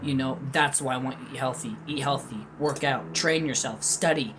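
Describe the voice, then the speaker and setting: A young-sounding man rambles through an unscripted home food review, his pitch sitting in a middle register. He drifts between topics with candid, self-deprecating remarks, and a faint ambient hiss hangs behind him. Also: normal speed. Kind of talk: unscripted casual commentary.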